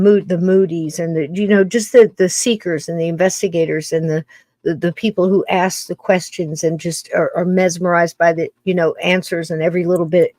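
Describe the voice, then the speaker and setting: A woman's voice: fairly low pitch, darkish tone, dry recording. An older woman hosting a podcast, musing in a casual, rambling monologue full of restarts. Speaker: podcast host.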